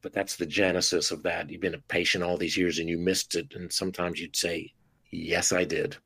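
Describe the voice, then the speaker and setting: A man who is a dentist, talking as a guest on a podcast interview in an expressive, animated way and acting out talks with patients. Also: low voice, a little fast, slightly rough, no echo.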